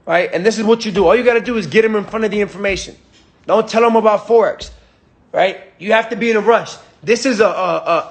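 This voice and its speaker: Emphatic young man coaching a sales pitch. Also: a little fast. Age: 20s. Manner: emphatic, repetitive, peppered with "bro" and "right?"; acts out a breathless pitch to a friend. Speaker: sales trainer.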